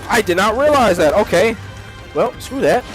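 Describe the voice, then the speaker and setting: A man's voice: high-pitched, moderate pace, low-quality recording. A man telling a story while playing a game, acting out the people he quotes. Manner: animated storytelling with mimicked quotes. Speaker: gaming streamer. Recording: game music in background.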